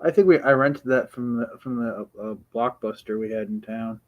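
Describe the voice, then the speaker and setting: A man's voice: mid-range voice, moderate pace, muffled recording. A man chatting on a podcast in a laid-back, hesitant way, often restarting his sentences. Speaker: podcast co-host. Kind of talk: crude casual chat.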